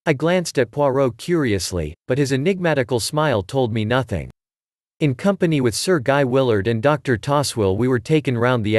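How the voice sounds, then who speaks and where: A man reading a story aloud in a measured narration style. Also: medium pitch, no echo, studio quality. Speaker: audiobook reader. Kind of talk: scripted narration.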